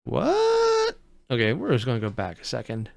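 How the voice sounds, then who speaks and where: Reactor, sarcastic, animated pitch, dry close mic. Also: quick pace, vocal fry, dry recording. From United States. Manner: sarcastic, jokey, swings between loud outbursts and mutters. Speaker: video reactor. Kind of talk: casual reaction commentary.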